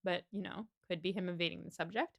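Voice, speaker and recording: A woman's voice: fairly low pitch, gravelly. A young woman co-hosting a casual book podcast, retelling a novel's chapters with lots of little character voices. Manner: animated retelling, acting out characters in quick voices. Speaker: podcast co-host. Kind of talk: casual book-club chat.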